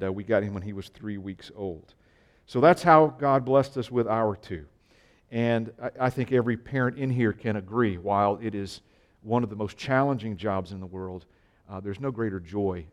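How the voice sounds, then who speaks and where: Low-voiced man preaching a conversational sermon. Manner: conversational, self-deprecating storytelling.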